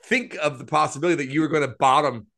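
Bright-voiced joking podcast man. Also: fairly high pitch. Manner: quick, jokey, teasing. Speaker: podcast co-host. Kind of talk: casual banter.

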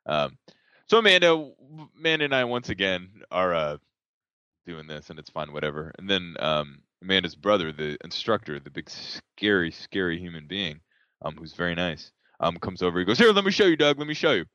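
A man co-hosting a podcast, telling a story in a laughing, animated way. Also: low-pitched, moderate pace, clean tone, dry recording. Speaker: podcast co-host. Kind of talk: casual storytelling chat. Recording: dull, dry lo-fi audio.

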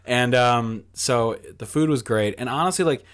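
A young man in the middle of a loose, rambling story, mid-pitched and ordinary in tone. He leans hard on fillers and slips into little acted-out bits of dialogue, swearing as he goes. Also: moderate pace, clean tone. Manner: rambling, filler-heavy, acts out quoted dialogue, swears freely. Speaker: podcast guest. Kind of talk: casual storytelling chat.

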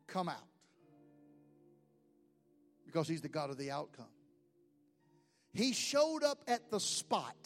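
A man preaching a sermon as pastor, swinging between shouted lines and hushed, whispered prayers. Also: on the high side. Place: church sanctuary. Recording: long hall reverb with faint music.

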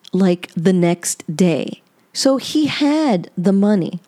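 A woman hosting a podcast, telling a personal story in a casual, animated way, her pitch jumping up at the dramatic moments. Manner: animated, chatty, with sudden rises in pitch. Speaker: podcast host.

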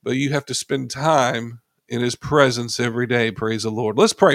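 A man's voice: medium pitch, fairly even intonation, moderate pace, creaky, hardly any pauses, a bit bright, no room sound, studio quality. A man preaching a sermon, reading scripture aloud and leading his listeners in prayer.

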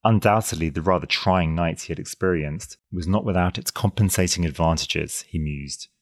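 A man with a very low voice reads a period adventure story aloud at a measured, even pace. The sound is close and dry, with no room around it. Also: dry recording. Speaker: audiobook narrator. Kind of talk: scripted narration.

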